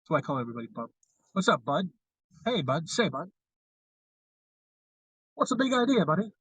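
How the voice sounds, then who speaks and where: A man putting on a fast-talking old-movie tough guy with a Mid-Atlantic lilt. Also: mid-range voice, steady tone, fairly bright tone, husky, no room sound, far from the mic, voice pushed down, poor audio.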